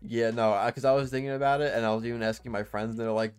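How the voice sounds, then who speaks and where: A man's voice: mid-range voice, fast, clean tone, faint music behind. A young man co-hosting a podcast, chatting casually in a rambling, profane way with lots of fillers. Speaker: podcast co-host. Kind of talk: casual chat.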